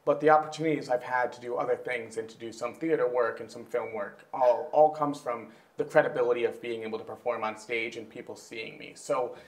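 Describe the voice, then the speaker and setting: A man, a comedian and screenwriter, giving a measured answer on a talk panel with frequent fillers. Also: medium pitch, fairly even intonation. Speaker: stand-up comedian and screenwriter guest.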